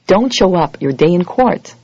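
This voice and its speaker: A woman giving an animated lecture, acting out little scenes and quoted voices as she teaches. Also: moderate pace, husky, no room sound. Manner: animated, acts out quoted voices with big pitch jumps. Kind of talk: lively lecture. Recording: dull lo-fi audio recording.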